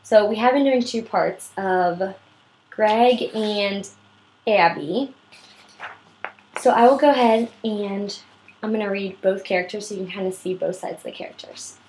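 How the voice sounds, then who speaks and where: A woman's voice: mid-range voice, unhurried, a little mellow, a little hiss or hum, poor audio. A woman with a sore throat patiently tutoring a child in reading, explaining step by step. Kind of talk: one-on-one reading lesson.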